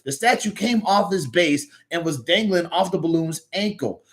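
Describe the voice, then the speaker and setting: A man's voice: high-pitched, lively intonation, normal speed, pitched above the performer's own voice. A man with a Southern US accent voicing an earnest, good-natured little male cartoon hero telling a story.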